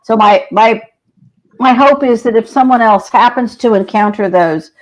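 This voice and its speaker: Earnest higher-voiced woman telling stories. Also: low-quality recording. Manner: earnest, compassionate, unhurried. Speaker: shaman guest. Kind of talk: earnest podcast storytelling.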